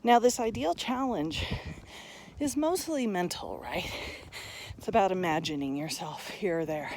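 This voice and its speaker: A woman giving a motivational talk to camera, earnest and coaching, a little out of breath from high elevation. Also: animated, measured pace, darkish tone, a little hiss or hum. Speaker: motivational vlogger.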